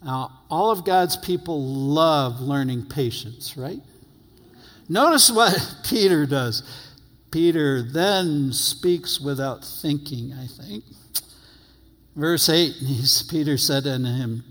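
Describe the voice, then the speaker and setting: Husky-voiced preacher in a reverberant hall. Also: male voice, medium pitch, expressive, a bit bright. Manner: emphatic, paces phrases slowly for stress. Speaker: pastor. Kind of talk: sermon with scripture reading.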